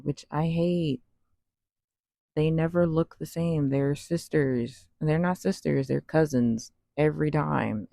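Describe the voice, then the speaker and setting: Gravelly low-voiced woman vlogger, casual. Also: warm tone, no echo. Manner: rambling, slangy, self-deprecating. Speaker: cosplay vlogger. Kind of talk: casual voice-over over makeup footage.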